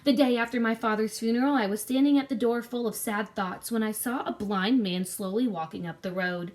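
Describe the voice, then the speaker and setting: A woman narrating a classic adventure story in a clear, measured reading voice. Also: fairly high pitch, a little mellow.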